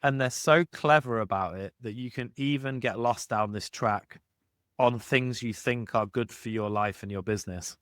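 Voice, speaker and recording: A man co-hosting a relaxed podcast chat, lively and expressive as he tells stories. He often breaks off and restarts his sentences mid-thought. His voice sits at a middle pitch, and the recording is dry and close. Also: moderate pace, dry recording. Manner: animated, restarts sentences, acts out anecdotes. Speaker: podcast co-host. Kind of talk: casual conversation.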